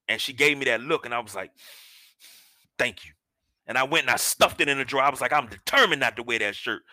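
Casting: man in his 40s, sports radio host, very bright voice, dry close sound, animated storyteller. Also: mid-range voice, no room sound. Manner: animated, drawn-out emphasis, colloquial. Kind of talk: storytelling monologue.

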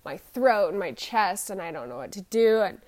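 A woman in her forties tells a personal story in a halting, shaken way, full of restarts and fillers, anxious as she talks. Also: mid-range voice, animated, darkish tone. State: shaken and anxious while telling it. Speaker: vlogger.

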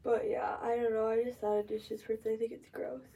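A woman's voice: fairly high pitch, little pitch movement, brisk, dark tone, slightly rough. A young woman co-hosting a podcast in casual chat, blunt and swearing freely with lots of fillers. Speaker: podcast co-host. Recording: distant mic, faint background noise.

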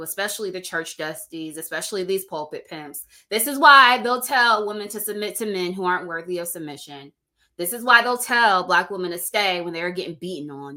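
A woman's voice: medium pitch, sharp tone. A woman hosting an opinion commentary show, speaking bluntly and with open scorn. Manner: blunt, scathing. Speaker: commentary host.

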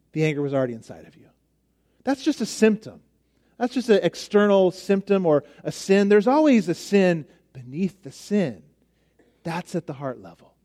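A man with a high-sitting, slightly mellow voice preaches a conversational sermon. He restarts often, turns emphatic at times and at others drops almost to a whisper.

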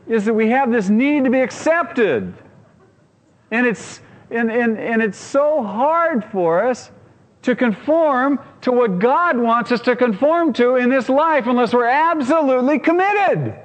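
A man's voice: very high voice, lively intonation, unhurried, long reverb tail. A man preaching a sermon as pastor, earnest and emphatic, often repeating his phrases.

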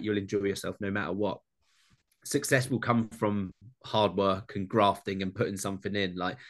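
A young British man, a food content creator, talking in a relaxed way in a casual interview and swearing freely. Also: lowish voice. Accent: British English.

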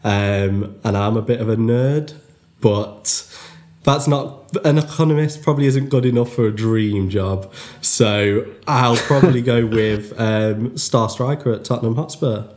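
Man, podcast guest, modest, measured, casual chat. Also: medium pitch, darkish tone. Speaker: guest, head of SEO.

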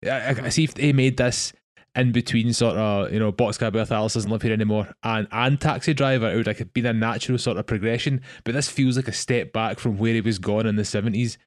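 A young man co-hosting a casual film podcast, talking in a measured, hesitant way. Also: lowish voice, fairly even intonation, no echo, studio quality. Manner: measured, hesitant, many fillers. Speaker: podcast co-host.

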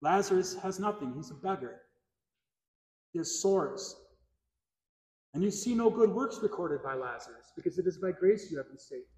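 A man's voice: high voice, expressive, moderate pace, pauses often, a little mellow. A man preaching a sermon as pastor, earnest, repeating key phrases for emphasis, recorded in a church. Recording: echoey church hall, long reverb.

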